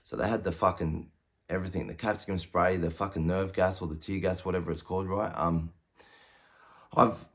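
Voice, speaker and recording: A man's voice: low voice, fairly even intonation, fairly quick. A man in his thirties with an Australian accent, telling a prison story bluntly, swearing constantly and acting out what people said. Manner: blunt, heavy swearing, quotes himself and others in raised voices. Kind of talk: casual storytelling.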